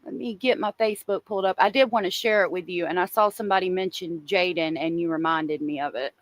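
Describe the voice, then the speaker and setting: A woman's voice: fairly low pitch, quick pace. A woman hosting a true crime livestream, talking casually and emotionally and answering viewers in the chat.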